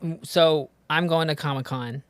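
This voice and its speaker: A woman hosting a casual interview chat, playful and teasing, firing off quick questions. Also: sits low, fairly even intonation, clear, resonant tone, dry recording. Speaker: podcast host.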